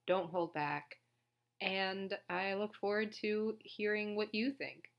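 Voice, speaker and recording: A woman's voice: medium pitch, slow pace, highs cut off. A woman hosting a channel about stories, speaking in a thoughtful, hesitant way, her voice starting to give out. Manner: thoughtful, hesitant, restarts sentences. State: losing her voice. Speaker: story discussion channel host. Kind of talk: reflective casual commentary.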